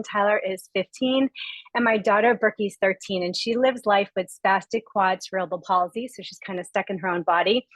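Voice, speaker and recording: A woman in her forties from Rhode Island speaks over a video call, her voice sitting a touch high and close and dry with no room around it. She gushes with emphatic, heartfelt earnestness and sounds emotional and close to tears as she shares her testimonial. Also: a bit bright, no echo, poor audio. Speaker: guest speaker sharing a testimonial.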